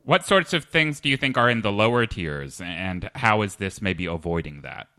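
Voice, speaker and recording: A man hosting a comedy podcast, reading stage directions in a lively, upbeat way in a comedic script read-through. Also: lowish voice, normal speed, dry recording, studio quality.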